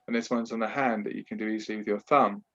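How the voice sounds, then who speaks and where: A man's voice: lowish voice, steady tone, quick pace, fairly bright tone, lo-fi sound. A man working as a trauma therapist and talking earnestly in a podcast interview over a video call, explaining at length with frequent restarts. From Britain.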